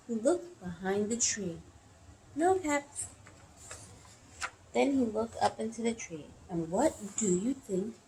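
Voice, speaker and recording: A young adult woman reading a picture book aloud to children, expressive and gasping at story moments. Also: fairly high pitch, slight background noise, poor audio.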